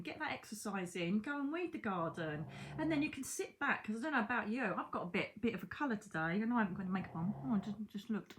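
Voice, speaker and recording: British woman, medium-pitched, casual chat to camera, animated and chatty, at home. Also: slight background noise, low-quality recording. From Britain. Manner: chatty and animated, with mild swearing and asides to the viewer. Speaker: psychic medium and channel host. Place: her own home, indoors.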